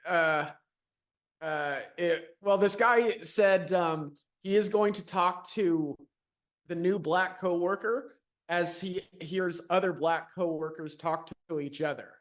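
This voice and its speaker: A man's voice: high-pitched, slow. A man co-hosting a podcast, chatting in a laid-back way with lots of fillers. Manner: laid-back, frequent "you know" and fillers. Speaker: podcast co-host. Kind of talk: casual chat.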